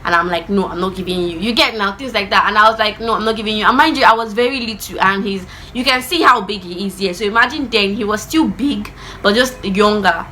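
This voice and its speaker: A young woman tells a childhood story straight to camera. Her voice is bright and forward, and she talks in a lively way, slipping into the voices of the people she describes. It sounds like a casual storytime vlog. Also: mid-range voice, fairly quick, slight background noise. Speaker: vlogger.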